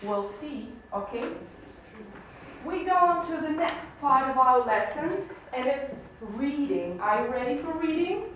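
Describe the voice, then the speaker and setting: A woman's voice: sits high, animated, measured pace, fairly bright tone, a little hiss or hum. A woman teaching an English lesson to a class, patient and encouraging, explaining with lots of questions. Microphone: camera mic from across the room. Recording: echoey classroom from far off.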